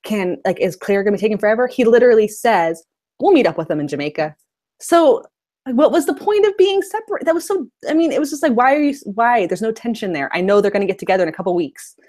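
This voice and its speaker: A woman's voice: a little high, expressive, fast talker, darkish tone. A woman co-hosting a casual fan discussion, chatty, wry and critical. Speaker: podcast co-host.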